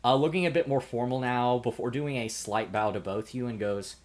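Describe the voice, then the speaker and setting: A man narrating scenes as game master of a tabletop game, in a relaxed, descriptive way. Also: medium pitch, normal speed, few pauses.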